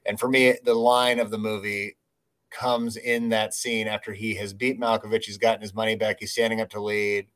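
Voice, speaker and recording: A man with a lowish voice chats casually as a podcast co-host. He talks in a reflective, rambling way, full of ums and restarts. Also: little pitch movement, moderate pace, fairly bright tone. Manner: rambling, filler-heavy, reflective.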